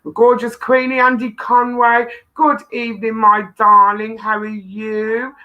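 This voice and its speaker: A woman's voice: on the high side, flat delivery, unhurried, dull audio. A woman hosting a live-stream chat show, affectionate and teasing with her viewers. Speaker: host. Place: home studio.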